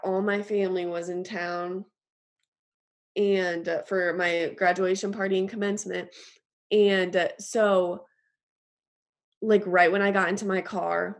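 This young woman tells an earnest personal faith story in an interview. She speaks at a moderate pitch and keeps stopping to fill pauses. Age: young adult. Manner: earnest, halting, with frequent fillers. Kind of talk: personal testimony.

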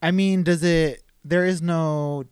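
A man's voice: on the high side, steady tone, slow, darkish tone, clear, resonant tone, dry recording, clean studio sound. A man co-hosting a casual podcast, sarcastic and swearing freely. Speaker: podcast co-host.

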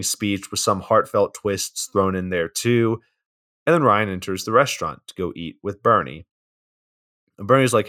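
Guy on a podcast with a lowish voice, chill, swears a lot while recapping a movie. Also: animated, moderate pace, a bit bright. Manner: laid-back plot recap, swears often. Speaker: podcast co-host. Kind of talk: casual movie review chat.

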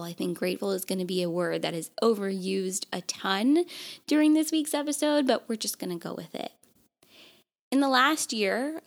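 A woman hosts her own podcast alone, speaking with heartfelt earnestness. She sounds close to tears, and her voice carries a gravelly fry at a middle pitch. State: tearful. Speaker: podcast host. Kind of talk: heartfelt solo podcast monologue.

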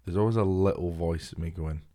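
A man's voice: low-pitched, warm tone. A young man co-hosting a podcast, teasing his friend with plenty of swearing. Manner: teasing, sweary, quick to laugh. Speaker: podcast co-host. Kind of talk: casual chat.

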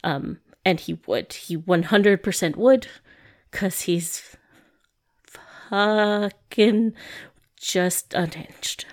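A woman's voice: medium pitch, very slow. A woman co-hosting a podcast in casual chat, talking hesitantly with many fillers and restarts. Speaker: podcast co-host. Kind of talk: casual chat reviewing a film.

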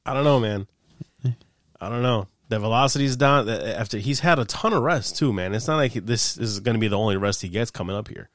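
A man co-hosting a casual sports chat, relaxed and conversational. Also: on the low side, fairly quick, dry recording, clean studio sound. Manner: relaxed, conversational, talks betting. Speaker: podcast co-host.

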